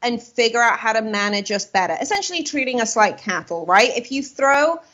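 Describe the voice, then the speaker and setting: A woman's voice: a little high, lively intonation, fairly quick, a bit bright, highs cut off. A woman talking as a guest in a radio interview, earnest and rambling, often correcting herself mid-sentence. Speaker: guest commentator. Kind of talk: radio interview, opinionated talk.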